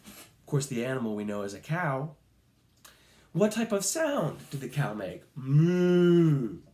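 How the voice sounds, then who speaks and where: A man teaching a recorded music lesson to children, slow, patient and encouraging, sometimes making playful animal sounds. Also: medium pitch, very animated, darkish tone, reverberant.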